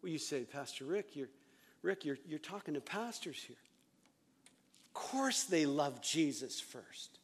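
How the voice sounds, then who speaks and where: A man who is a pastor, preaching an earnest, confessional sermon to fellow pastors, moving from hushed moments to loud ones. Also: a little high, expressive, unhurried, slightly rough.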